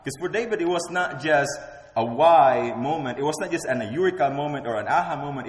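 A man's voice: fairly high pitch, a little fast. A man preaching a sermon as pastor, emphatic and repeating key words for effect. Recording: roomy hall with long reverb.

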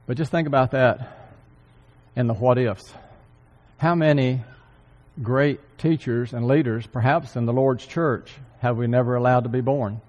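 A man's voice: mid-range voice, measured pace, darkish tone, dull audio. Earnest man preaching in a hall. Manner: earnest, repeats key phrases for emphasis; frequent throat clearing. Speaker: church speaker. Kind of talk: sermon. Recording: long hall reverb.

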